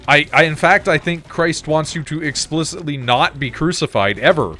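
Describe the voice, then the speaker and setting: A man's voice: mid-range voice, fairly quick, hardly any pauses, bright, forceful tone, slight background noise. A man streaming a game, chatting casually and telling stories with frequent laughs and swearing. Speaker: gaming streamer. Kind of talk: casual gameplay commentary.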